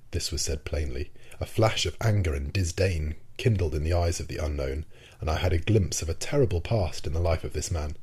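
A man reads a classic novel aloud as audiobook narration. His voice is very low and dark, with a husky grain. He reads at a steady, deliberate pace.

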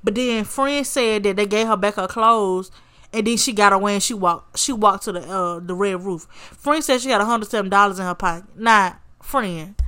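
A woman's voice: medium pitch, normal speed. A woman hosting her show and telling a story in casual, sassy commentary, cursing and calling her listener honey and baby. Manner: sassy, animated, swears freely, calls listener honey and baby. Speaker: podcast host.

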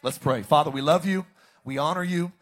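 Pastor, male, somewhat high voice, preaching with call-and-response to his congregation. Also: fairly quick. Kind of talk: sermon. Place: church service, streamed online.

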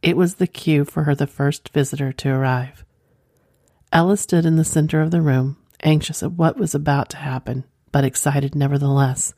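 A woman narrates an erotic story in a soft, sensual voice. Her tone is low, dark and mellow. The recording is dry and close, with no room sound. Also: fairly even intonation, normal speed, no room sound.

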